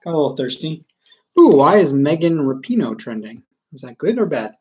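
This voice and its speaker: A man's voice: a little high, very animated, a little fast, a little mellow, slight background noise, low-quality recording. A man from Maryland chatting casually on a live stream, self-deprecating and full of ums and uhs. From Maryland, USA. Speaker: live-stream card breaker. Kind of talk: rambling live-stream chat.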